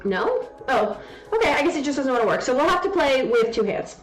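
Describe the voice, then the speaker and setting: A woman's voice: high voice, very animated, fairly quick. Chatty woman streamer, roomy sound. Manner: chatty, doting baby talk to her daughter. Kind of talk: casual live-stream chat. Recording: echoey room with background music.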